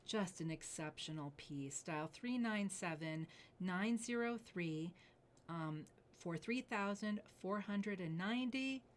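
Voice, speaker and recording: A woman hosting a live jewelry sale, gushing over each piece and often dropping to breathy near-whispers as she admires it. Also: mid-range voice, animated, slow pace, a little hiss or hum. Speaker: jewelry sales host. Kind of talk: live shopping presentation.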